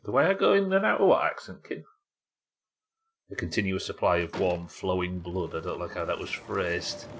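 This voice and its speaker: A man's voice: low-pitched, expressive, moderate pace, creaky, a little hiss or hum, low-quality recording. A man chatting casually and swearing while he talks through a game on a live stream. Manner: chatty, swearing, thinking aloud. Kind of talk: casual gameplay commentary.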